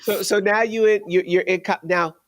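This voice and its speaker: A man's voice: high voice, steady tone, normal speed, fairly bright tone, no room sound. A man hosting an interview, who mostly affirms with short replies and restarts his questions. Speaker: podcast host. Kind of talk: casual interview chat.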